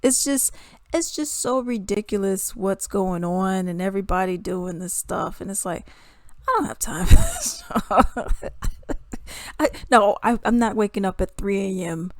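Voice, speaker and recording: A woman giving a casual commentary rant to her viewers. She sounds animated and exasperated and laughs between points. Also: medium pitch, measured pace, dry recording. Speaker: commentary vlogger.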